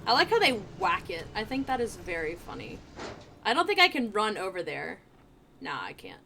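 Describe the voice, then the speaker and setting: A woman streamer commenting live on her gameplay in an excitable, playful way, laughing often and trash-talking the other players. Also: medium pitch, normal speed, gravelly, slight background noise.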